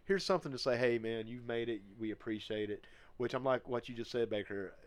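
A man's voice: mid-range voice, brisk, no room sound. A man hosting a podcast in casual chat, swearing freely and laughing often. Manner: profane, animated, laughs often. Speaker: podcast host.

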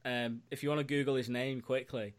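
A man co-hosting a podcast in easygoing casual chat. He laughs often and drops casual swear words. His voice sits at an ordinary mid pitch. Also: little pitch movement, brisk. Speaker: podcast co-host.

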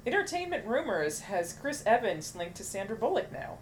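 A woman co-hosting a casual pop-culture chat, quick and teasing with playful jabs. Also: medium pitch, big pitch swings, slight background noise, low-quality recording. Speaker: podcast co-host.

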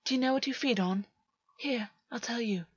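Woman doing a taunting fae man, soft and crooning, dull dry audio. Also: on the high side, normal speed, husky, no room sound, voice pushed up. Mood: crooning menace.

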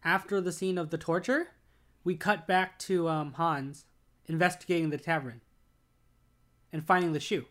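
A speaker with a middle-pitched voice, going back and forth with a friend about a film. They swear and laugh freely and drop into the characters' voices when they quote them. The talk is loose and unscripted. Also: fairly even intonation, moderate pace, long pauses, fairly bright tone. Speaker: podcast co-host recapping a film. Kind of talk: casual chat.

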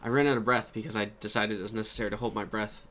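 A man's voice: lowish voice, little pitch movement, rapid-fire, a bit bright. A man co-hosting a podcast in casual chat, jokey and rambling, who laughs often. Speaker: podcast co-host.

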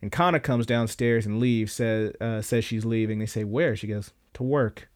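A man's voice: lowish voice, normal speed, a little mellow. A man on a podcast casually retelling an anime episode, loose and profane, with lots of fillers. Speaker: podcast host.

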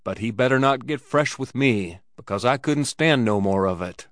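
A man's voice: mid-range voice, animated, moderate pace, no room sound, studio quality, natural voice. Man voicing a blunt, angry cowboy. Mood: grudging. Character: rough-talking angry Western cowboy.

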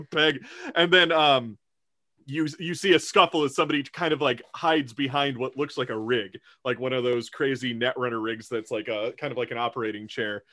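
A man running a tabletop game as game master, narrating in a relaxed way with lots of fillers. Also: medium pitch, normal speed, no echo, studio quality.

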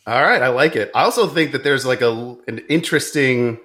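A man's voice: medium pitch, expressive, a little fast, fairly bright tone. A man hosting a casual podcast chat, upbeat and laughing often as he steers the talk. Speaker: podcast host.

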